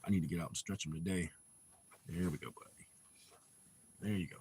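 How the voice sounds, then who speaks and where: A man's voice: low voice, steady tone, brisk, darkish tone, a little hiss or hum. A middle-aged man hosting a casual live stream, laid-back, swearing freely and laughing often. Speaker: livestream host.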